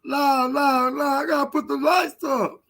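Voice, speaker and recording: A man's voice: fairly even intonation, a little slow, creaky, fairly bright tone, full character voice. A man mocking a whiny rival close to tears. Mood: whining. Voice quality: high, crying whine.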